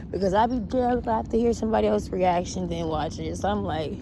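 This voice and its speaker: A woman chatting casually on a walk outdoors, reacting to an interview with animated, blunt talk, laughter and swearing. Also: medium pitch, quick pace, creaky, hardly any pauses, noisy background. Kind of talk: casual chat.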